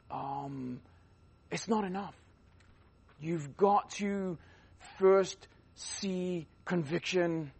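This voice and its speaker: With a voice that is a little high and slightly rough, a man gives a rambling, conversational sermon to a youth conference audience. Fillers and restarts pepper his talk, which alternates between forceful loud stretches and hushed asides.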